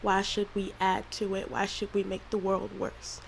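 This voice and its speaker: A woman's voice: mid-range voice, completely flat delivery, vocal fry, slight background noise, poor audio. Tearful woman with a Southern country accent. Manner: tearful, halting, many restarts. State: crying. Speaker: channel creator. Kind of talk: emotional confessional vlog.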